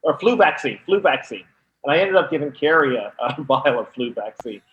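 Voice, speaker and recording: Animated Canadian comedian on a phone line. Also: male voice, medium pitch, a little fast, slight background noise. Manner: animated, laughing, slipping into voices. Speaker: comedian guest calling in. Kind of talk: anecdotal storytelling.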